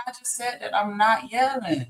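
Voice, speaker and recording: A woman's voice: fairly high pitch, lively intonation, moderate pace, a bit bright, roomy sound, poor audio. A woman on a panel defending herself insistently and with passion. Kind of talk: heated panel discussion.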